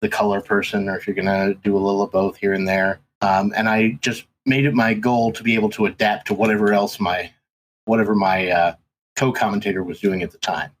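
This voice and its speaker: A man's voice: on the low side, little pitch movement, a little fast, slight background noise, rough recording. A man guesting on a podcast, telling stories in casual chat with lots of ums and restarts. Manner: rambling, many ums and restarts. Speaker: podcast guest, race commentator.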